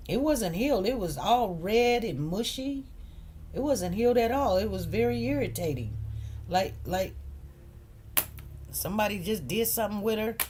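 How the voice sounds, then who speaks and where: Slow, emphatic woman telling a story. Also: medium pitch, slightly rough. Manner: emphatic, repeats phrases, addresses viewers as "you guys". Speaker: commentary channel host. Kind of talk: casual storytelling to viewers.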